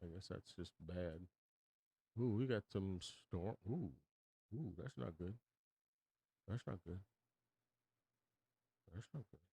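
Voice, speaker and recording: An older man in his sixties talks to his livestream viewers from a home studio. His voice sits low and sounds mellow and relaxed, with a dry, close sound and no room echo. He rambles and wanders off track, pokes fun at himself, and restarts his sentences often. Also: slow pace, gravelly, pauses often, slightly rough. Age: 60s. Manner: rambling, chatty, self-deprecating, with many restarts. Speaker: livestream host. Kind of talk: casual livestream chat with viewers.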